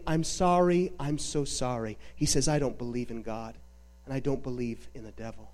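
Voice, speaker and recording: A man preaching a sermon, dramatically retelling a film with emphatic pauses. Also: on the high side, a little mellow. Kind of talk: sermon storytelling.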